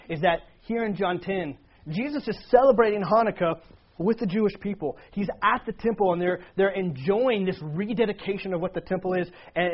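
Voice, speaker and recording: A man's voice: high-pitched, husky. A man preaching a sermon, earnestly reading scripture and acting out quoted lines with a raised voice. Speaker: pastor. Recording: dull lo-fi sound.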